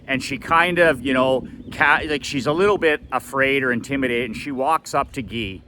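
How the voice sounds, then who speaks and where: A man's voice: medium pitch, normal speed, sharp tone, a little hiss or hum. A middle-aged man who coaches for a living, telling a personal story in a blunt, emphatic way and swearing freely. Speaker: motivational coach.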